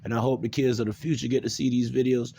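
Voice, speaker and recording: A man's voice: medium pitch, flat delivery, fast, gravelly, dark tone, slightly rough. A man from the South, talking bluntly and profanely in an unscripted video monologue. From American South. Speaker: video maker.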